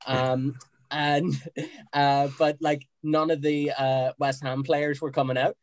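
A man's voice: on the high side, takes it slowly, no echo. Dry-sounding young man, hesitant chat. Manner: relaxed, hesitant, many fillers. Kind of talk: casual storytelling chat.

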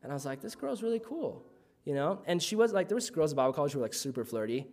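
A man's voice: medium pitch, lively intonation, very fast, darkish tone. A man telling a personal faith story in a casual way, full of "like" fillers.

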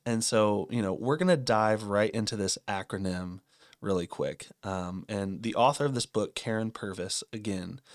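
A man's voice: fairly low pitch, no echo, studio quality. A man in his thirties co-hosting a casual parenting podcast, candid and earnest, laughing at his own shortcomings. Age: 30s. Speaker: podcast co-host.

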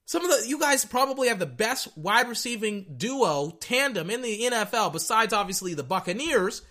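A young man giving casual, rambling reaction commentary on a football game, excitable and tripping over his words. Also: high-pitched, normal speed. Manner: excitable, rambling, stutters and repeats himself.

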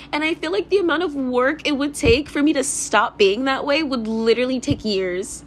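A woman's voice: sits high, moderate pace, a little hiss or hum. A young woman hosting a casual solo podcast, talking candidly in a rambling way, full of fillers, swearing and laughter. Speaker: podcast host.

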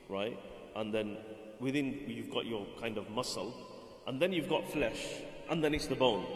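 Earnest man preaching in an echoey hall. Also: mid-range voice. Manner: earnest, explanatory, repeats phrases for emphasis. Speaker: Islamic preacher. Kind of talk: sermon.

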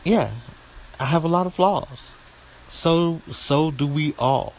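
A man's voice: fairly high pitch, takes it slowly, darkish tone, low-quality recording. A man from the southeast United States with a Southern country accent, hosting a casual solo podcast in a folksy way that sometimes stumbles over words. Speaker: podcast host.

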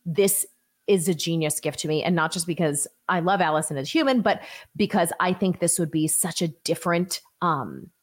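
A woman's voice: lowish voice, moderate pace. A middle-aged woman, hosting a solo podcast in a chatty, enthusiastic way, full of asides. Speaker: podcast host. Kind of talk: solo gift-guide podcast.

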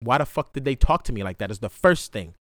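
A young man hosting a podcast, talking through a raw, profane solo monologue that swings from hushed to loud outbursts. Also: mid-range voice, expressive, fast, dry recording, studio quality. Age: young adult. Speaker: podcast host.

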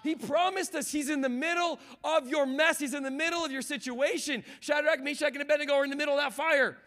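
High, bright-voiced preaching man. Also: fairly even intonation, quick pace. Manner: passionate preaching that builds to shouts; conversational, with repeated words and restarts. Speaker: guest pastor. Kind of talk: sermon.

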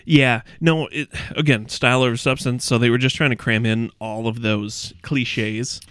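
A man's voice: mid-range voice, steady tone, a bit bright, smooth, no room sound, clean studio sound. Agreeable man co-hosting a podcast. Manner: agreeable, quick interjections. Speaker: podcast co-host. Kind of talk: casual movie review chat.

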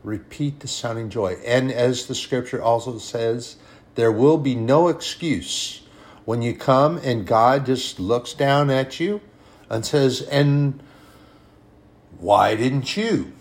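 A man preaching a sermon with emphatic delivery, swinging between hushed and raised passages. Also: medium pitch, takes it slowly.

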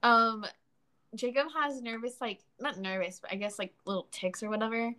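A woman's voice: fairly high pitch, moderate pace, bright, forceful tone. A woman in casual podcast chat, hesitant and full of fillers. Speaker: podcast co-guest.

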